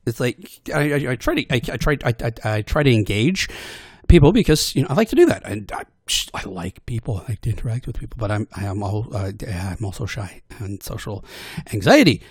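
A man rambling in a casual monologue about voicing audio posts, self-deprecating and hesitant, with many restarts and fillers, slipping into quick character voices when he quotes people. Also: medium pitch, lively intonation, husky, dry recording, studio quality.

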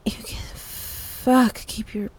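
A woman's voice: slow, darkish tone, lightly acted. A woman voicing a flustered, frustrated young woman in an audio role-play, stammering and swearing with many fillers.

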